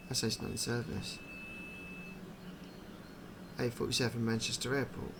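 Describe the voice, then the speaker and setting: Gravelly man musing over a game. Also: medium pitch, flat delivery, normal speed, background noise. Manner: chatty, musing aloud, puzzled asides. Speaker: gaming channel host. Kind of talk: casual game commentary.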